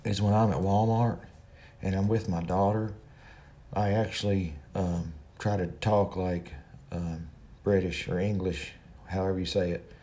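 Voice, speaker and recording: This livestream host is a middle-aged man from Kentucky, and his accent shows it. His voice is low and dark, a bit slow, with fairly even intonation as he talks straight to viewers in a casual, folksy way.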